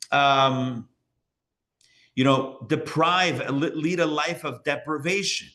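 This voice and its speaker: A man, a rabbi, teaching a live class to an audience in a lively way, often checking in with listeners and repeating phrases for emphasis. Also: a little high.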